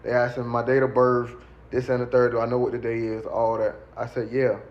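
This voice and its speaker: A man's voice: medium pitch, monotone, brisk. Slangy man telling his story, muffled sound. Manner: slangy, rambling, repeats himself. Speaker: storyteller recounting his shooting. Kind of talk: casual storytelling.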